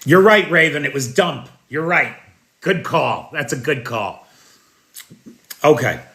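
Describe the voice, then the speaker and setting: An American man delivers live news commentary and takes viewers' questions. His voice is bright and forward, and he speaks slowly, leaning hard on key words with indignant emphasis and the odd sarcastic jab. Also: on the high side, animated. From United States.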